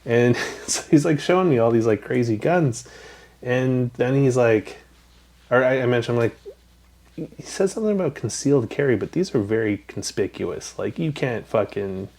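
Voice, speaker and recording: A man's voice: mid-range voice, expressive, normal speed, darkish tone. A man from Canada hosting a casual podcast chat, telling rambling stories with lots of ums and swearing. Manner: rambling storyteller, swears freely, many ums. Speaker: podcast host.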